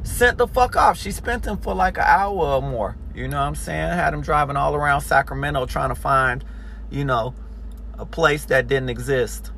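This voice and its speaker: A man telling a story in a casual, animated way, full of swearing. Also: fairly high pitch, moderate pace, gravelly, slight background noise. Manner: animated, profanity-heavy storytelling.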